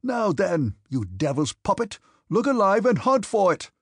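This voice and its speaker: A man's voice: mid-range voice, big pitch swings, slow, a little mellow, slightly rough, no echo, studio quality, heavily acted. A man voicing a hot-tempered hussar officer who bellows his words and lisps slightly. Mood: raging. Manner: bellowing, furious.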